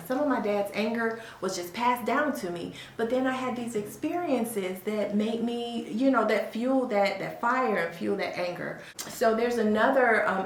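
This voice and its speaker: A woman's voice: fairly high pitch, slight background noise. A woman co-hosting a podcast, telling a candid personal story in an earnest way, often laughing at herself and turning to listeners with "y'all". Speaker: podcast co-host. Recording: echoey room.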